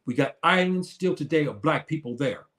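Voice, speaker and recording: A man's voice: fairly high pitch, expressive, a bit bright. A man lecturing on a live stream, reading and answering viewers' comments with frequent restarts and hesitations. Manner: halting, many restarts, reads and answers comments. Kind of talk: live-stream teaching and chat replies.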